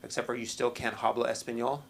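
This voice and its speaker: A middle-aged man doing a stand-up set at an open mic in a small comedy club, with a halting, self-deprecating delivery full of restarts. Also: medium pitch, little pitch movement, vocal fry.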